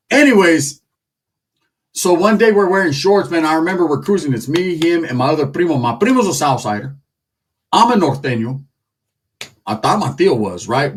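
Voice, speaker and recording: A man spinning a crude, comedic story full of slang, with lively swings in his pitch. His voice is husky and a little raised. He sits some way back from the microphone. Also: recorded from a distance. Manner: animated, crude, slang-heavy.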